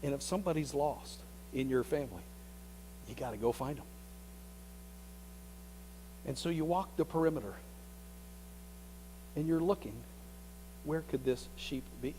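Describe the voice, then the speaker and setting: A male pastor preaching a sermon as a vivid story, often repeating words and dropping into hushed tones. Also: on the high side, animated, normal speed, pauses often, background noise.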